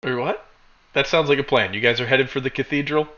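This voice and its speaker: A man acting as game master for a tabletop game narrates at a brisk pace in a medium-pitched, sharp-toned voice. He rambles and corrects himself as he goes, and the recording sounds dull and lo-fi.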